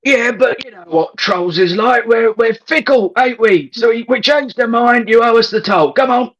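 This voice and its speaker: A man's voice: very high-pitched, normal speed, fairly bright tone, lo-fi sound, voice pushed up. A man voicing a bossy, fickle male troll with a throaty, exaggerated Australian accent and blunt demands. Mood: coaxing.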